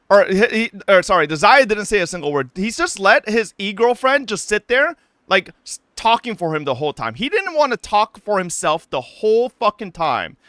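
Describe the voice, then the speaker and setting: Animated, high-voiced young man ranting. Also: no room sound, clean studio sound. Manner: profane, animated, frequent "right?" tags. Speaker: streamer. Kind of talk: casual ranting story to chat.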